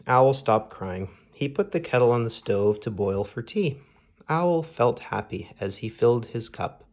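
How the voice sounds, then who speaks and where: Slow, measured man reading a storybook. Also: medium pitch, expressive. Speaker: storybook reader. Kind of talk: children's story read-aloud.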